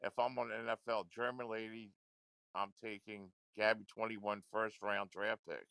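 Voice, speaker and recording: A man's voice: on the low side, level tone, moderate pace, vocal fry, bright, forceful tone. A man ranting into a livestream, confrontational and repetitive, swearing often. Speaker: livestream commentator.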